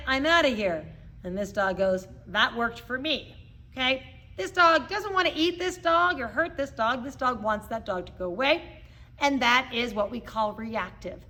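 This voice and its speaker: Woman, middle-aged, dog trainer, casual lesson, bright tone, frequent "okay?". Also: fairly high pitch. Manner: explains with hand puppets, frequent "okay?" check-ins. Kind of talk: casual instructional talk.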